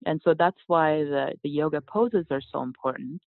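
A woman, a yoga teacher and author, explaining her ideas in a calm, earnest way as an interview guest. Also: low-pitched, normal speed, vocal fry, no room sound. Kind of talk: casual interview. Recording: tinny phone-like line.

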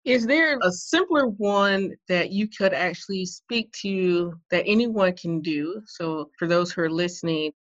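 A chatty woman hosts a podcast interview and asks long, winding questions with easy curiosity. Her voice sits at a middle pitch and comes across dull and muffled, with a dry, close sound. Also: a little slow, hardly any pauses, dry recording. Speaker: podcast host. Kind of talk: casual interview.

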